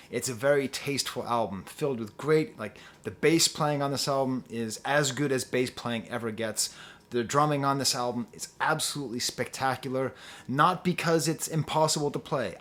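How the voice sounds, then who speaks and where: Man, mid-pitched voice, rambling album review to camera, self-deprecating, digressive, filler-heavy, earnestly enthusiastic. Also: a bit bright. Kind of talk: casual talk-to-camera music review.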